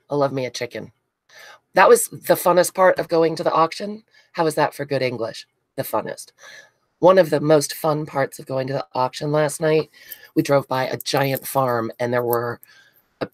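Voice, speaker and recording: A woman's voice: a bass voice, moderate pace, no echo. Chatty, congested woman hosting a craft livestream. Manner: chatty, greets viewers by name, gushes excitedly. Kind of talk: casual live chat while crafting.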